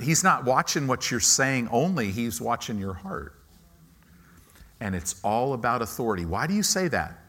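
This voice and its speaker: A male pastor preaching a sermon, telling a personal story, swinging between loud emphatic bursts and quiet asides. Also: medium pitch. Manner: preacher's repeated emphatic contrasts.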